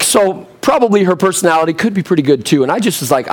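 A young man preaching a sermon as pastor, a little hoarse, telling funny stories with lively asides. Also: a little high, a little fast, few pauses. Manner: humorous, storytelling, lively asides.

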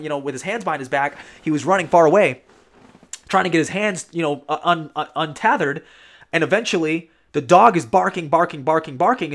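A man's voice: fairly high pitch, fairly bright tone. A man telling a history story in casual talk, earnestly repeating words for emphasis and often adding "you know".

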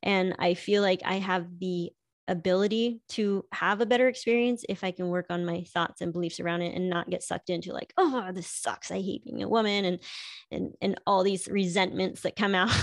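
A woman's voice: lowish voice, steady tone, moderate pace, dry recording, clean studio sound. A middle-aged woman chatting casually about her marriage, laughing often and filling her talk with "like". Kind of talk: casual personal chat.

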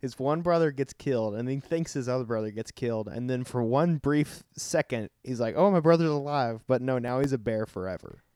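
A man of middle pitch chatting as a co-host, with a dry and teasing sense of humor. He drops sarcastic asides into the talk. The recording is close and dry. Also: brisk, hardly any pauses, a little mellow, dry recording. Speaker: podcast co-host. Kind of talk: casual comedic chat.

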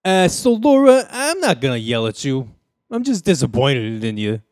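A man voicing a let-down dad with a Staten Island manner, drawling slowly and with exaggeration. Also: medium pitch, wildly swooping pitch, darkish tone, dry recording, clean studio sound. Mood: weary.

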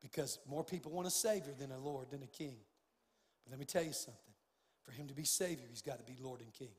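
An older man preaching a sermon as pastor, impassioned, swinging from hushed tones to loud outbursts. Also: mid-range voice, fast talker, long reverb tail. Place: church sanctuary.

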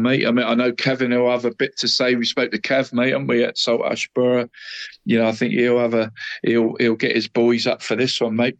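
A man's voice: mid-range voice, no echo, dull audio. A man co-hosting a casual football chat show. He rambles, restarts often and drops "mate" into nearly every phrase. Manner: chatty, says "mate" constantly, rambling. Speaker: podcast co-host.

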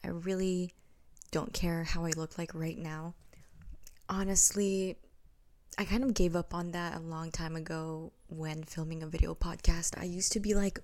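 A woman's voice: fairly low pitch, steady tone, unhurried, darkish tone. Chatty woman, American accent with Filipino hints. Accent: American, slight Filipino. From Philippines. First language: Tagalog. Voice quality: chatty, rambling, drops into whispers. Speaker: podcast host. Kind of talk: casual chat. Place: home at night.

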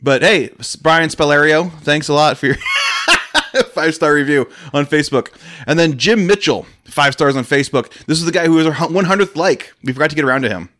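A man's voice: on the high side, a little fast, sharp tone. A man co-hosting a podcast in casual, crude banter, teasing and laughing often as he rambles. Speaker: podcast co-host.

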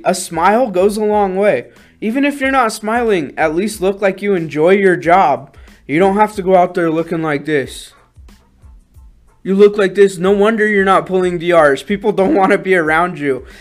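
A man giving an energetic sales training talk in his office, showing how to greet people at the door. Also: high-pitched, normal speed, faint music behind.

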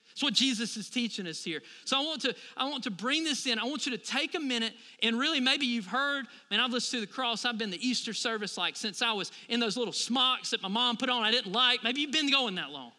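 A man's voice: very high voice, animated, brisk, few pauses, sharp tone, long reverb tail. A man in his thirties preaching a sermon as a pastor, talking conversationally and asking the congregation for responses.

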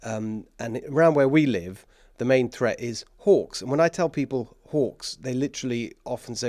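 A man's voice: medium pitch, moderate pace, a little mellow, no echo. A man with an English accent hosting a political talk show, emphatic and sarcastic, with bursts of mockery and laughter.

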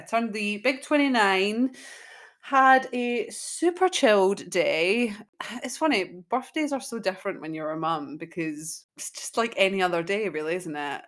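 A woman's voice: fairly low pitch, a bit bright. A woman, chatting casually as a podcast host and telling stories with frequent giggles. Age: 20s.

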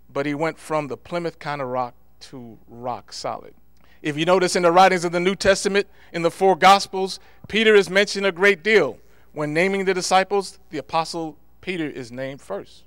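Guy preaching a sermon, kinda high voice, gets loud and emphatic on the bible verses, dry close sound. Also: no echo. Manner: emphatic, swells loud on scripture quotes.

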